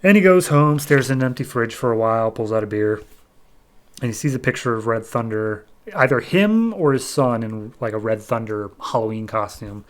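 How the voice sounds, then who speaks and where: A man's voice: mid-range voice, expressive, moderate pace. A man hosting a podcast, casually retelling a comic issue in a loose, chatty way. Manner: conversational, loose storytelling with frequent "he's like". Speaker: podcast host. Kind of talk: casual comic book recap.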